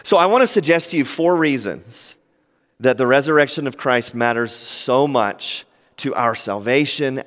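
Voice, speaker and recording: A man preaching a sermon in a conversational way, acting out the people he quotes. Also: in a large hall. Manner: conversational, acts out quoted voices with lively pitch swings.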